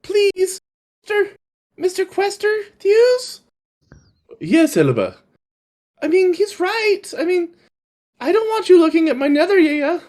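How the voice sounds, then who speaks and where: Brief: man putting on a pleading little girl, very high and small, timid. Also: very animated, a little mellow, exaggerated voice. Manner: timid, halting.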